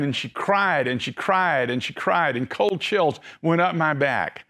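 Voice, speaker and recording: Middle-aged preacher guy telling stories in a sermon, fairly high voice, gets slow and soft at the sad parts. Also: expressive. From Tennessee. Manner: storytelling, slows and softens for emotional moments.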